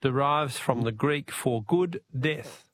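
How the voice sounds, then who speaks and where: A man's voice: medium pitch, takes it slowly, a bit bright, no echo. A man with an Australian accent hosting a late-night radio phone-in quiz, genial and chatty as he reads out listener texts.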